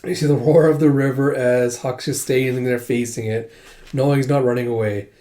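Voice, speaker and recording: Mellow-voiced man recapping a manga. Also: medium pitch, steady tone, fairly quick. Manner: retells scenes with 'it's like' between quoted lines; loose conversational asides to the story. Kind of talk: casual manga read-through.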